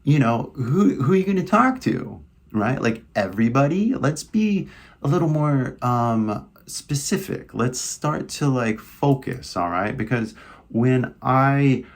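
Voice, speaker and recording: The teacher here is a young man with a Californian accent, speaking at a medium pitch, animated yet measured in pace. He runs a casual English lesson in a chatty, loose style heavy with "like" and "right?"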